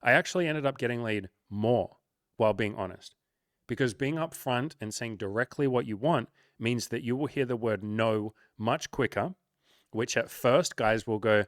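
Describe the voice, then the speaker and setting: A man's voice: mid-range voice, moderate pace, no room sound, clean studio sound. A young man and dating coach speaking candidly in a casual monologue, often acting out quoted voices.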